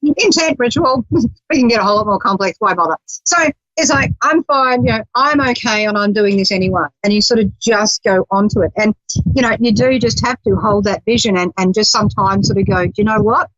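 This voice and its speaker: A woman's voice: mid-range voice, a little fast, dry recording. A woman hosting a spiritual talk radio show, chatting casually, laughing often and acting out quoted voices. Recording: dull lo-fi radio audio.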